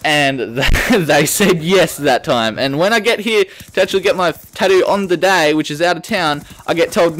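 A man's voice: a little high, normal speed. A young Australian man in his late teens, telling a story in a casual rant over gameplay, swearing often and restarting his sentences. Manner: swearing, animated, rambling with restarts. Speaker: gaming channel host.

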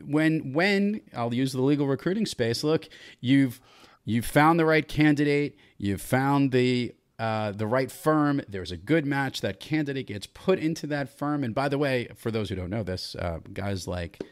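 A man hosting a podcast, asking long questions with halting restarts. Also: medium pitch, animated. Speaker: podcast host. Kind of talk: interview questions.

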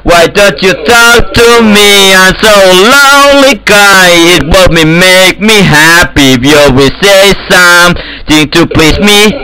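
A man's voice: high-pitched, slow, few pauses, pushed and bright, low-quality recording. A man rambling crudely and mockingly in an online game voice chat over a headset mic. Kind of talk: trolling voice chat.

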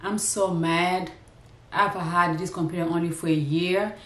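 A woman's voice: lowish voice, fairly even intonation, unhurried, a bit bright. A woman chatting casually to her viewers in a vlog, rambling and talking straight to camera from her home. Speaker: lifestyle vlogger. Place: indoors at home. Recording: echoey room.

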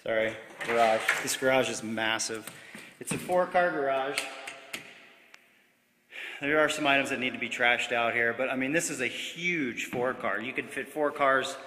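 A man's voice: medium pitch, moderate pace, bright, forceful tone, a little hiss or hum. A man giving a casual, upbeat and jokey walkthrough tour of a large house, filmed on a handheld camera as he walks from room to room. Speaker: real estate agent giving a property tour. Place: inside a large empty house, walking room to room. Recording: echoey empty rooms.

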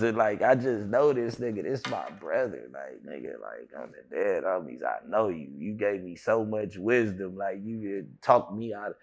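A man with a gravelly, rough voice sits for an interview and tells a long story. He rambles, restarts often and acts out the other people's lines as he goes. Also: medium pitch. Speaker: interview guest. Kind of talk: casual storytelling.

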